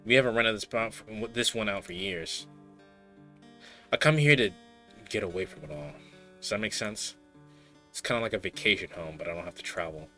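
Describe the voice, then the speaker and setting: A man's voice: fairly low pitch, moderate pace, long pauses, sharp tone, soft background music. A man reading the lines of a guarded young woman who runs the town mines, in a dry, matter-of-fact way. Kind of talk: reading game dialogue aloud.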